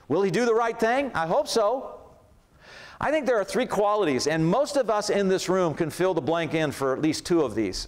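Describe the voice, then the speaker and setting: A man preaching in a church, his voice sitting a little high for a man. He talks conversationally and builds up emphatic lists. The pace stays easy and unhurried. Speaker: pastor. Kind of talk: sermon. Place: church sanctuary.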